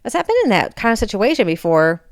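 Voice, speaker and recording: A woman's voice: mid-range voice, very animated, fairly quick, no echo, studio quality. A woman hosting her own podcast, talking in a candid, frustrated, confessional way, emotionally raw. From Michigan, USA. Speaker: podcast host. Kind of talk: casual personal monologue.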